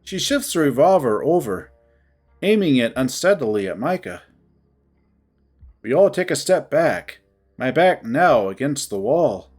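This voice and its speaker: Slow, breathy first-person storyteller. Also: mid-range voice, sing-song, darkish tone, soft background music. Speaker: storyteller reading a visual novel. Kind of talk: dramatic first-person reading.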